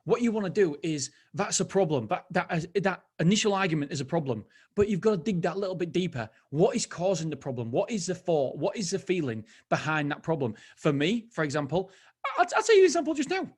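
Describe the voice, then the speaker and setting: Podcast host, man, conversational and rambling, voice sits a little high. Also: expressive, a little fast, darkish tone, husky. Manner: chatty, rambling, self-interrupting storyteller. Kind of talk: motivational solo podcast talk.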